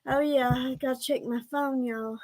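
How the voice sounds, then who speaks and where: Woman, high voice, out of breath, rambling livestream chat. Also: steady tone, moderate pace, darkish tone. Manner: rambling, talks to viewers as y'all. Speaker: livestream host.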